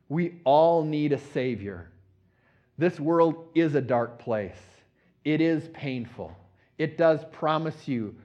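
Guy preaching a sermon, kinda high voice, earnest, gets loud on the big lines, muffled recording. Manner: earnest, repetitive emphasis, swells louder on key phrases. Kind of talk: teaching sermon. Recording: dull lo-fi recording.

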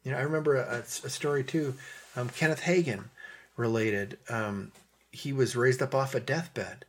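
A man preaching a sermon in a conversational way, repeating phrases and dropping to a soft voice for gentle passages. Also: medium pitch, moderate pace, slight background noise.

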